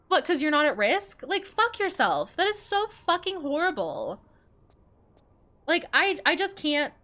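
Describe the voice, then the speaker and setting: A young woman streaming a game and ranting hard, cursing freely as her anger rises. Her voice has a bright, forceful edge. She talks to her viewers in loose, heated casual chat. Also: a little high. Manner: heated, swearing, quick to anger.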